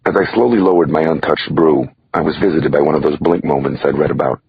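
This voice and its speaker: A man narrates a thriller audiobook in a wry first-person voice that sits extremely deep. His tone is gravelly and heavily husky. The recording is dry and a little dull, like lo-fi audio. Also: quick pace, no room sound.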